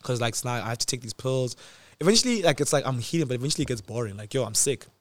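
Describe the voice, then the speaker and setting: Young man in his 20s, slangy storyteller, voice jumps loud then drops low, dry close sound. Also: very fast, dry recording. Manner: animated, slangy, swings from loud to quiet. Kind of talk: casual storytelling.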